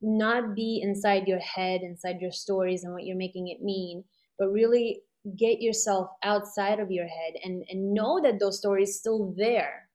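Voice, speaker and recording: A woman's voice: mid-range voice, fairly even intonation, unhurried, a little mellow. A middle-aged woman in casual conversation, telling a personal story in a rambling, reflective way with many fillers. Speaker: guest sharing a personal story.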